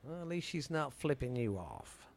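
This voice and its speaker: A man, co-hosting a podcast, joking through ghost stories in a relaxed chat. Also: mid-range voice, moderate pace, creaky. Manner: joking, wisecracking asides. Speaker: podcast co-host. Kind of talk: casual chat with jokes.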